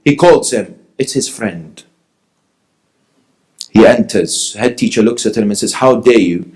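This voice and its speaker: A man's voice: lowish voice, expressive, a little slow, darkish tone. A man from Iran preaching a sermon, telling a story and acting out its dialogue, rising to emphatic peaks.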